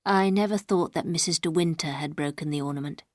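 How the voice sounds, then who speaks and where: A woman's voice: low-pitched, fairly quick, no room sound, studio quality, pitched below the performer's own voice, close to an everyday voice. A woman doing a cold, scornful housekeeper. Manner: stiff and formal.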